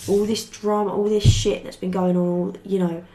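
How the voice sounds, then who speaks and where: A woman's voice: mid-range voice, flat delivery, normal speed, dark tone. A young woman giving a casual tarot reading to camera, rambling and chatty, swearing freely and saying "like" often. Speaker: tarot reader.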